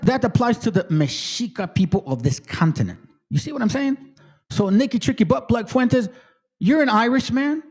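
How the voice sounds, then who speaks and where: High-voiced guy reading a book out loud and cussing in between, super up and down delivery. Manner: blunt and profane, cuts in on his own reading. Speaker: channel host. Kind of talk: reading a book aloud with heated commentary.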